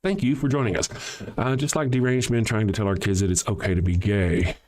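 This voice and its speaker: Brisk and low-voiced with a darkish tone, a livestream host reads his chat and fires back at commenters in a heated, profane, sarcastic rant. His sentences frequently restart or trail away.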